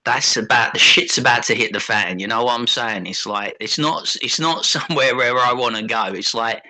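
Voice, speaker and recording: Bright-voiced blunt man co-hosting. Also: mid-range voice, moderate pace. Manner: blunt, profane, opinionated interjections. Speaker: podcast co-host. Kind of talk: casual podcast chat.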